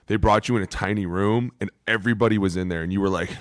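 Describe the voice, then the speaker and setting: A man co-hosting a casual podcast, telling lively, profane stories between laughs. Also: lowish voice, fast, dry recording, studio quality. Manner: animated, profane storytelling with laughs. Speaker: podcast co-host, former lineman.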